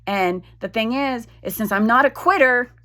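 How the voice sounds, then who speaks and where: A woman talking frankly in a personal vlog, venting with blunt swearing and halting restarts. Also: fairly high pitch, pushed and bright. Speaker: vlogger.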